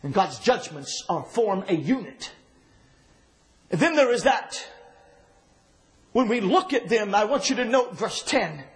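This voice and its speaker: A man with a strikingly high voice delivers a sermon with fervor. He swings between shouted, ringing declarations and low, hushed passages. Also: animated, unhurried, pauses often. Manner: impassioned, often shouting, then dropping low and quiet. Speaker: preacher.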